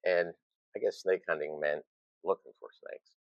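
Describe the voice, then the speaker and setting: A man's voice: low-pitched, fairly even intonation, normal speed, no echo, highs cut off. A man in his sixties, a retired zookeeper, telling rambling anecdotes with self-deprecating chuckles in a casual interview. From United States.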